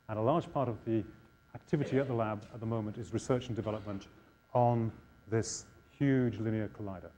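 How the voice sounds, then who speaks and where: A man giving a public science lecture, explaining in a measured way with emphatic pauses. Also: medium pitch, mellow. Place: lecture hall.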